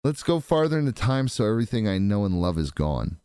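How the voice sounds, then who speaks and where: Rambling, profane man, low voice. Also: big pitch swings, brisk, warm tone, clean tone, no room sound, clean studio sound. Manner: rambling, profane, jokey, puts on silly voices. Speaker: podcast co-host. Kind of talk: casual podcast banter.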